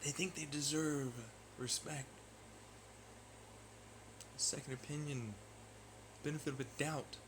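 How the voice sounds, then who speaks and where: A man's voice: fairly high pitch, fairly even intonation, slow, pauses often, background noise. A man vlogging in a profane, sarcastic and taunting rant. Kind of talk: ranting monologue.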